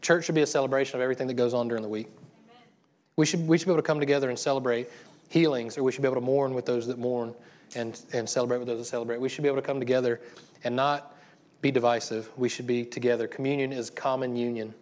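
A man's voice: mid-range voice, fairly even intonation, quick pace, darkish tone. Chatty male pastor preaching casually. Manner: casual and chatty, with frequent restarts and laughter. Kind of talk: conversational sermon.

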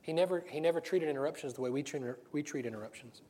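A man's voice: on the high side, very fast, mellow. A middle-aged man preaching a casual, conversational sermon, laughing often and restarting his sentences. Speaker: pastor.

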